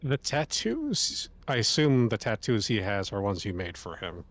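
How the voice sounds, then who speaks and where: A low-voiced man at a tabletop game, dry and wry, tossing out quick remarks. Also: huge pitch swings. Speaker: player. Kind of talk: tabletop role-play chat.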